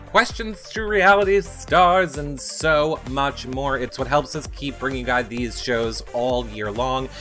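Brief: upbeat male host, bright forceful voice, faint music behind. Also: a little high. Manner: upbeat, hypes the audience, playful. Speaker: podcast host. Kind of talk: enthusiastic livestream interview.

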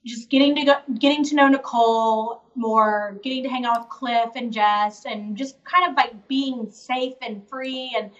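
Guest: high, bright woman, chatty and quick, filler-heavy, heard over distant, dull video-call audio. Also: fairly even intonation. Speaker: interview guest, reality show contestant. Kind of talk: casual live Q&A chat.

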